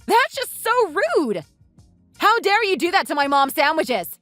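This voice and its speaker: An earnest, fed-up young wife who scolds with lively, rising-and-falling pitch, as a woman voices her. Her tone stays fairly high. The take is dry and close, with music playing faintly underneath. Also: normal speed, no room sound. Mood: indignant. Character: indignant young wife defending her family. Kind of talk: voiced texting story.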